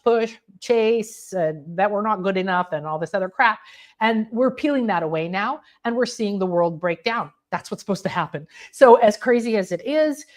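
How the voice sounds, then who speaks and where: A woman who is a spiritual teacher and sound healer, leading a live online class in a bubbly, rambling way and often exclaiming aloud. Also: mid-range voice.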